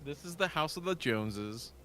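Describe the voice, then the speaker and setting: A man's voice: a little high, animated, normal speed, bright, forceful tone, slight background noise. A man playing a tabletop game, explaining lore loosely and laughing easily. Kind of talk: casual game chat.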